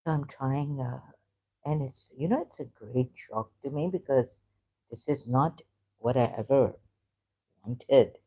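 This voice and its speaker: A husky, mellow woman's voice with a rumbling low pitch carries a Sindhi Khoja accent. Streaming live, she meanders and stalls, regularly searching for the right word and lapsing into Hindi-Urdu.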